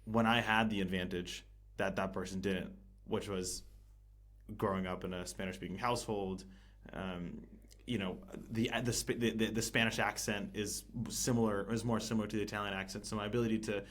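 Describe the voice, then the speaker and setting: A man with a somewhat low voice chats on a podcast. He circles his points, breaks off mid-phrase and fills the gaps with "uh" and "you know", laughing easily at himself. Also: steady tone, a little fast, fairly bright tone. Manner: hesitant, many restarts and fillers, laughs easily. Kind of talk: casual conversation. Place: living in Italy.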